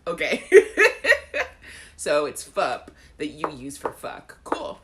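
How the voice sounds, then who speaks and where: A woman's voice: sits low, slow, slight background noise. A young Caribbean woman with a Caribbean accent, hosting a live chat show, reading viewer comments and chatting casually with frequent laughs and sung snippets. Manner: animated, laughs often, acts out song lines.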